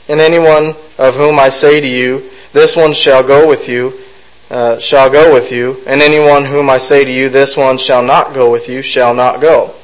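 A man's voice: mid-range voice, poor audio. A man reading a Bible passage aloud and commenting on it as a study teacher, stumbling with fillers and correcting himself mid-phrase. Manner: reads aloud with frequent fillers and self-corrections; thoughtful, musing asides.

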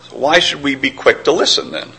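A man's voice: mid-range voice, brisk, creaky, pushed and bright, husky, poor audio. A middle-aged man preaching a sermon in an earnest, reflective way, sometimes stammering and restarting.

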